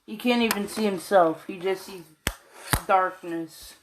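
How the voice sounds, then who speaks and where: A woman's voice: medium pitch, measured pace, slight background noise. A tired woman rambling casually in slang and swearing as she retells a fan story late at night.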